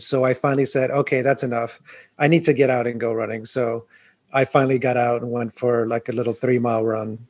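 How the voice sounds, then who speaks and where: A man's voice: mid-range voice, darkish tone. A man co-hosting a podcast, chatting casually and teasing his friends. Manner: teasing, wry. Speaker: podcast co-host. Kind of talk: casual chat.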